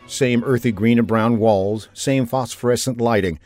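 A man narrating a science fiction audiobook in a steady, even storytelling manner on a close mic. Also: mid-range voice, moderate pace, faint music behind. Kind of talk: scripted narration.

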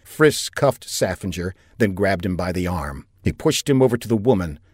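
A man narrating a science fiction audiobook in a steady, even storytelling manner on a close mic. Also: sits low, normal speed, dry recording. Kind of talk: scripted narration.

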